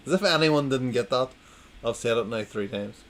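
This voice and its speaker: A man's voice: medium pitch, animated, moderate pace, fairly bright tone, a little hiss or hum. A drunk man reads dad jokes, repeating each punchline and laughing at his own jokes. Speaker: host reading dad jokes. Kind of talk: casual tipsy dad-joke reading.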